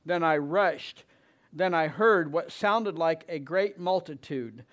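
Slow, emphatic male preacher. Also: fairly high pitch, fairly bright tone. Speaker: pastor. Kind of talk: sermon.

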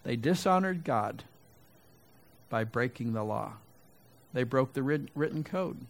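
A male pastor preaches a sermon, moving between loud, emphatic peaks and quiet, low asides. He restarts sentences conversationally and addresses the congregation directly. His delivery is expressive and measured, with vocal fry.

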